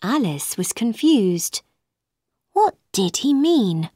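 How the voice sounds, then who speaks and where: A woman narrating a children's storybook, reading slowly, clearly and expressively. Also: mid-range voice, very animated, dry recording, studio quality.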